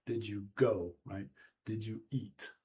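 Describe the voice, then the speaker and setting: A man giving a relaxed, casual English lesson on video, often checking in with the listener. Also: on the low side, slow pace, a little hiss or hum. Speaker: English teacher. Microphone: home video microphone.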